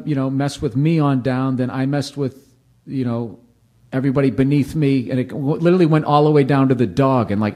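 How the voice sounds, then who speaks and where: A man's voice: mid-range voice, darkish tone. A man in his forties, a comedian telling rambling, profane, self-mocking stories in casual conversation. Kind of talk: conversational storytelling.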